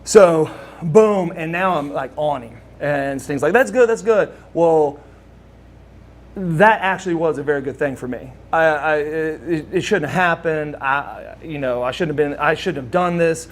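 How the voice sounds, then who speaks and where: Animated storytelling man, fairly high voice. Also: a little slow. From Oklahoma. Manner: animated storyteller who acts out the voices of others. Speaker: guest telling a wrestling story. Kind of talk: casual anecdote.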